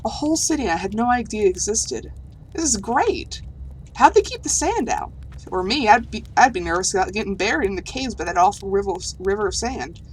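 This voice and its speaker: A woman's voice: mid-range voice, big pitch swings, brisk, slight background noise, lightly acted. A woman voicing a timid, curious alien archaeologist who is afraid of space, reading game dialogue aloud with a put-on southern US accent, earnest and rambling. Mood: amazed. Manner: earnest, rambling, easily amazed.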